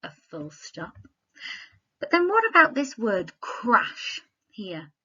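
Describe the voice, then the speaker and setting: A woman primary teacher talks through a recorded literacy lesson for pupils at home. Her voice is bright and forward, and she speaks clearly and expressively, often stopping to ask the children questions. The sound is dull and lo-fi, as if picked up by a laptop microphone. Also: on the high side, wildly swooping pitch, slow.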